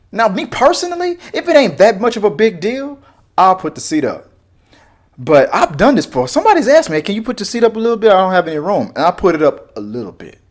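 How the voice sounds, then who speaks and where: A man in his forties giving a casual opinion rant as a reaction video host, full of slang and mocking put-on voices. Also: high-pitched. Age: 40s. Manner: animated, mocking voices in quotes, frequent repeats and slang.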